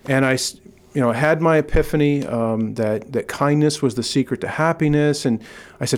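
A man's voice: medium pitch, normal speed. Middle-aged male interview guest, earnest and upbeat, plain mid-range voice, casual and restarting. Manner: earnest and enthusiastic, with frequent restarts. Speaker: kindness advocate, guest. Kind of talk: casual interview talk, storytelling.

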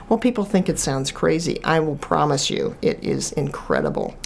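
A woman's voice: deep voice, wildly swooping pitch, moderate pace, vocal fry, few pauses, a little hiss or hum. A woman author, talking casually as an interview guest and telling stories with lots of fillers and restarts. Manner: chatty storyteller, many restarts and fillers. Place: from Chicago.

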